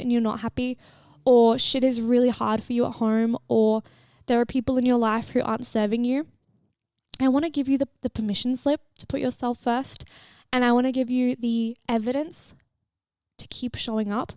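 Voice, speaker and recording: A young woman hosts a solo podcast with a somewhat high voice, chatting candidly and swearing freely. She is recorded close on a mic in a dry, dead room with no echo. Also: darkish tone. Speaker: podcast host and fitness coach. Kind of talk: casual solo podcast chat.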